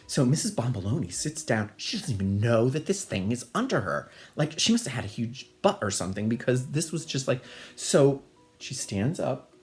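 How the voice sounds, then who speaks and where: A man's voice: medium pitch, a little mellow. A man telling a personal childhood story in a casual, chatty, digressive way. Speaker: storyteller, host.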